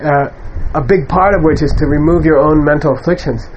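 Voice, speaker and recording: A man's voice: fairly high pitch, steady tone, a little fast, highs cut off, slight background noise. A man giving an informal spiritual teaching, telling stories in a conversational way, with frequent "you know". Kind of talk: informal dharma talk.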